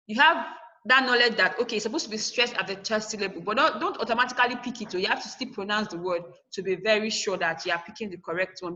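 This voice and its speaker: A woman's voice: mid-range voice, pushed and bright, rough recording. A woman teacher giving a lesson over a video call, firm and instructive, spelling out word endings letter by letter. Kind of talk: online class lesson.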